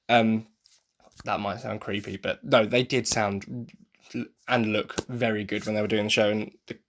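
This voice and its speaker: Rambling, gushing English man. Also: fairly low pitch. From England. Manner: enthusiastic, rambling fanboy gushing. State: tired. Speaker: podcast host. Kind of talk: casual solo podcast review.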